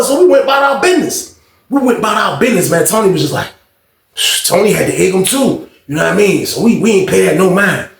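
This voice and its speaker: A man with a high, gravelly voice tells a story in a loose, casual way. He jumps in and out of other people's lines as he goes. The sound carries the echo of a bare room. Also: quick pace. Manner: animated retelling, acting out others' lines.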